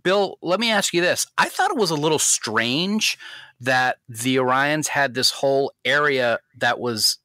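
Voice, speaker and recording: A man's voice: medium pitch, lively intonation, measured pace, sharp tone, no room sound. A man hosting a casual podcast discussion, talking with enthusiasm. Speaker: podcast host.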